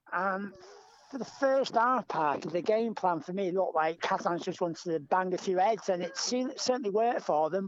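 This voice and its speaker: A man's voice: sits high, dry recording. A man co-hosting a sports podcast, giving strong opinions in a casual chat. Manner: opinionated, animated about the game. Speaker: podcast co-host. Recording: dull lo-fi remote audio.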